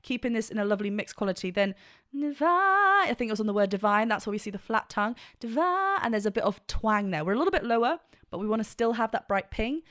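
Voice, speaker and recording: A woman's voice: medium pitch, rapid-fire, few pauses, no room sound. Enthusiastic woman vocal coach, dry sound. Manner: enthusiastic, technical explanations with frequent fillers. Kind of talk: reaction and vocal analysis.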